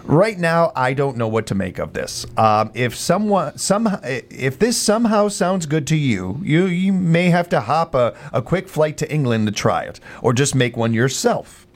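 A man's voice: a little high, sing-song, normal speed. A man hosting a morning radio show, chatty and jokey in casual banter.

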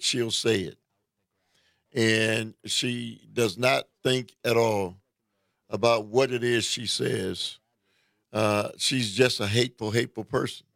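A man giving an indignant political opinion monologue, deliberate and repeating himself as he restarts. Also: mid-range voice, fairly bright tone, dry recording, studio quality. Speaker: political commentator. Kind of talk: reading a news report aloud.

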